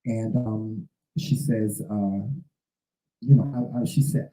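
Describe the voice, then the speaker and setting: A man in his fifties talks unscripted to his listeners, circling back and repeating himself as he goes. His voice is very dark and mellow, and it carries a noticeable echo from the room. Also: fairly low pitch, flat delivery, slow pace. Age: 50s. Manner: rambling, repeats words and restarts often. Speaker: show host. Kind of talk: casual spoken monologue.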